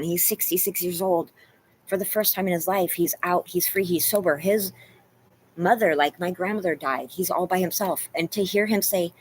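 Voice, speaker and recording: A woman talking casually and emotionally to her livestream chat, rambling and confessional, full of "you guys" and "like". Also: lowish voice. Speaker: vlogger talking to live chat.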